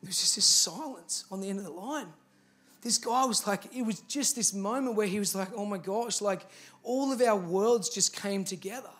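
Earnest Australian pastor preaching. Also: male voice, sits high, normal speed, a bit bright. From Victoria, Australia. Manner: earnest, builds to emphatic appeals. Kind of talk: storytelling sermon.

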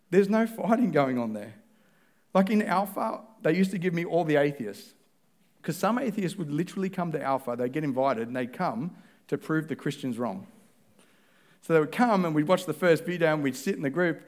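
A man's voice: fairly high pitch, a little mellow. Man preaching in a conversational way. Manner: conversational, acts out both sides of dialogues. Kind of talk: sermon.

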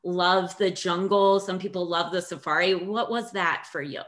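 A woman's voice: on the low side, steady tone, normal speed, fairly bright tone. Chatty woman hosting a casual interview. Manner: friendly, chatty, uses "like" and "sort of". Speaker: interview host.

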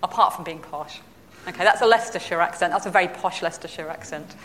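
A woman's voice: lowish voice, fast, fairly bright tone. Woman, church talk leader, chatty, self-deprecating, long hall reverb, faint background hum. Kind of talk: casual all-age church talk.

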